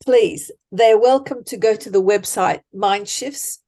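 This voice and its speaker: A woman life coach, speaking emphatically and deliberately as a podcast guest. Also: mid-range voice, mellow. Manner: emphatic, deliberate, acts out example thoughts. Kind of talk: conversational coaching talk.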